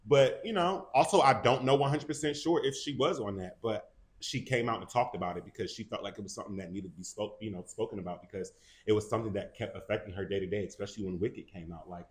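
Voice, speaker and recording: Low-voiced man gossiping animatedly. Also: fast talker. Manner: animated, acts out quotes in raised voices. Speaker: co-host. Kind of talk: casual celebrity gossip chat.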